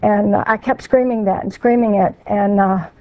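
Older woman earnestly retelling, halting. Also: mid-range voice, fairly even intonation, dry recording, phone-quality sound. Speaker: guest. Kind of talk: emotional personal account.

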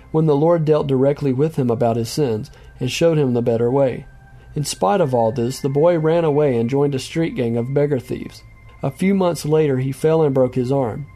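Man reading an audiobook, slow and solemn, mellow mid voice, soft music behind. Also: mid-range voice. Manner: solemn, measured. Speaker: narrator.

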